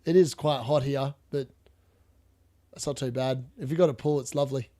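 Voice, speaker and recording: A man's voice: a little high, a little mellow. An Australian man from Perth hosting a casual fantasy football live stream, chatting and rambling with viewers, blunt and laughing often. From Perth, Western Australia.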